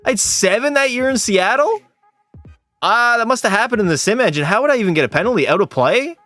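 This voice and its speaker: This gaming streamer, a young man from Canada, gives live play-by-play of a hockey game and banters with his chat, occasionally swearing. His voice is high-pitched and fast, recorded without echo over quiet background music. Excitable mock-sportscaster calls mix with his casual cursing.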